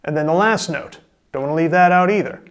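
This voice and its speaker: A man's voice: a little high, fast, noisy background. A man hosting a drum lesson, coaching step by step in a plain, encouraging way. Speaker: drum teacher. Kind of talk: casual instructional talk.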